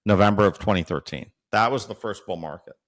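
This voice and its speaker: Here a male guest analyst with a lowish voice talks briskly. He explains things at length in an interview, thinking aloud with many fillers, frequent hesitations, and checks such as "right?".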